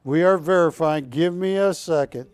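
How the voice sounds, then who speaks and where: A man's voice: fairly high pitch, normal speed, clear, resonant tone, no echo. A middle-aged man hosting a live TV shopping auction, calling bids and joking as he rambles. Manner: chatty, jokey, rambling between bid calls. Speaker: auctioneer host of a shopping show. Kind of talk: live TV auction sales patter.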